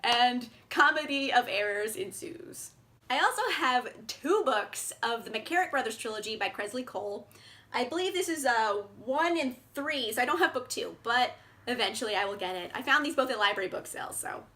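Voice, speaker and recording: A woman's voice: a little high, lively intonation, normal speed, bright, forceful tone. A young woman chatting casually about books she picked up, bubbly and chatty, with lots of fillers and laughs, recorded indoors on a camera mic. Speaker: book vlogger. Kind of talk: casual book haul chat.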